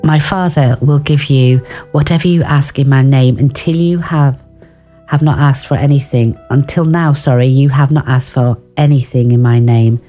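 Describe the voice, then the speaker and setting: A woman's voice: extremely low pitch, moderate pace, warm tone, faint music behind. A woman giving an informal devotional talk on prayer, earnest and personal, with restarts and asides. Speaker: devotional speaker.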